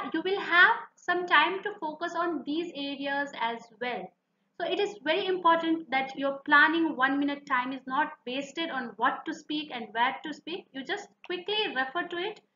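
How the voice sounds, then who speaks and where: A woman's voice: high voice, bright, forceful tone, slight background noise. A woman with an Indian English accent teaching exam speaking tips in an earnest way, repeating her advice for emphasis. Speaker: IELTS speaking tutor. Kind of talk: instructional video lesson. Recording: echoey room, slightly dull sound.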